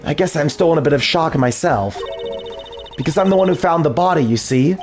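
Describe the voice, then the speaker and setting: A man doing a soft-spoken, apologetic young woman. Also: on the high side, animated, a little fast, faint music behind, natural voice. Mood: earnest. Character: gentle, polite young woman in shock.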